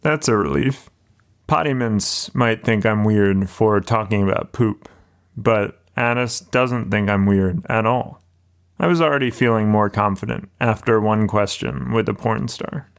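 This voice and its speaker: A man's voice: lowish voice, unhurried. A man hosting a podcast, talking in a casual, self-deprecating and slightly shy way. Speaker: podcast host. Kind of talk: casual podcast narration and interview.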